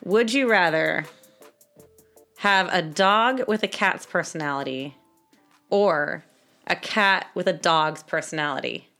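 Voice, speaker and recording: Young woman, podcast co-host, casual chat, animated, laughing storyteller. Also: lowish voice, slow, pauses often, soft background music. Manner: animated storyteller, laughing, voicing quoted people.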